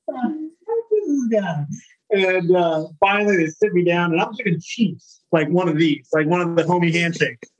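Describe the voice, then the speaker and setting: A man in his thirties from California, a firefighter guest telling a story in a casual interview, animated and acting out the people he quotes. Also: sits high, low-quality recording. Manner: animated, acts out quoted voices.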